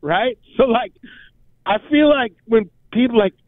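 A man with a high voice tells stories in casual chat, acting out what people said and dropping "bro" and "like" all the time. The sound is dry and thin, as if it came through a phone line. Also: a little slow, no echo. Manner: animated storyteller, acts out quotes, says "like" and "bro" often.

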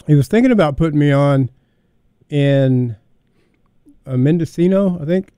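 A man hosting a small radio show, talking casually and hesitantly with many pauses. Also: on the high side, warm tone, clear, resonant tone, no room sound. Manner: hesitant, lots of ums. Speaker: radio host.

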